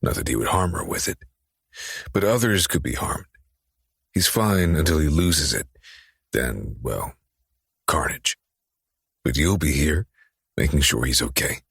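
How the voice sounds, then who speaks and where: A man voicing a very deep, husky, menacing young man. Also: animated, measured pace, pauses often, fairly bright tone, dry recording, studio quality, heavily acted. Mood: calm. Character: cunning possessive young man with dark calm menace. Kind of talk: audiobook character reading.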